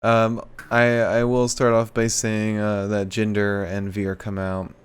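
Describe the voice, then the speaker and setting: A man's voice: lowish voice, monotone, measured pace, clean tone. A man co-hosting a podcast in loose, laughing chat, saying "like" often and swearing casually. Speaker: podcast co-host.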